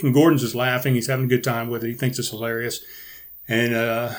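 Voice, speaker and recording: A man's voice: medium pitch, quick pace. Rambling, profane male podcast host. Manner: rambling and profane, with many restarts. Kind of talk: casual solo podcast chat.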